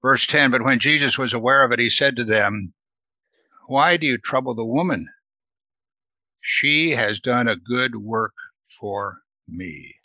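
A man's voice: mid-range voice, unhurried, sharp tone, no room sound. A man leading a Bible study in a conversational teaching manner, earnest and often asking his listeners "right?". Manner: earnest, asks the listeners questions, adds "right?".

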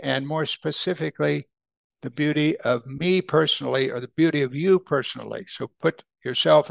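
A man preaching a conversational sermon who grows animated when he quotes scripture. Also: a little high, vocal fry, no room sound. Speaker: pastor.

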